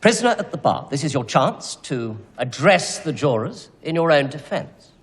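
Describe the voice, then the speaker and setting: A formal judge with a rising, falling voice. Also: male voice, a little high, very animated, normal speed, slightly rough, in a large hall. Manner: formal, commanding. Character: stern male judge in a period courtroom drama.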